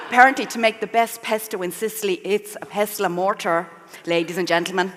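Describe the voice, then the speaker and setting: A woman's voice: mid-range voice, fairly even intonation, fast, a bit bright, slight background noise. A middle-aged Irish woman chef giving a live cooking demonstration on a festival stage, chatty and self-mocking. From Ireland. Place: festival stage in a large hall. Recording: live hall reverb.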